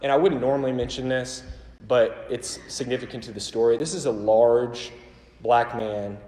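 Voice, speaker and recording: A man's voice: medium pitch, fairly even intonation, moderate pace, mellow. A man who works in a church ministry tells stories in a conversational, self-deprecating way, with many fillers like "like" and "um". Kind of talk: storytelling church talk. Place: church auditorium. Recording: echoey hall with long reverb.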